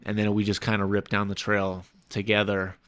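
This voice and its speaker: A man telling a story in casual podcast chat, animated, often acting out what he said. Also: lowish voice, normal speed, no echo. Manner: animated storytelling, acts out his own quotes. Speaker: ultramarathon runner recounting his race.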